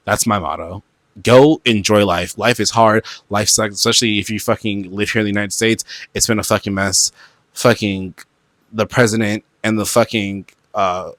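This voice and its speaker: A man from Brooklyn hosting a solo podcast, talking in a profane, animated way with loud outbursts and laughter. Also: lowish voice, dry recording. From Brooklyn, New York. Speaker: podcast host. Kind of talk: solo casual podcast chat.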